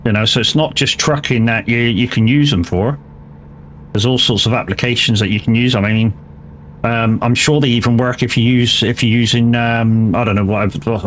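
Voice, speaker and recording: A man's voice: medium pitch, brisk, slight background noise. An English man and gaming streamer in casual chat during a livestream, rambling and chatty, swearing freely. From England. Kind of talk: casual chat while live-streaming a driving game.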